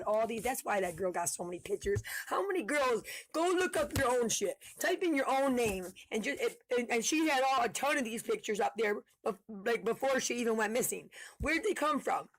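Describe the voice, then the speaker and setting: A woman commentator talking in a heated, fast way, swearing often. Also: fairly high pitch, animated, a little hiss or hum. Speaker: online commentator. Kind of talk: casual commentary video.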